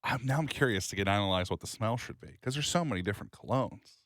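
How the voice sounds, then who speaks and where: A young man co-hosting a casual podcast chat, animated and jokey, with big jumps in pitch. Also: fast talker, no echo, studio quality. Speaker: co-host.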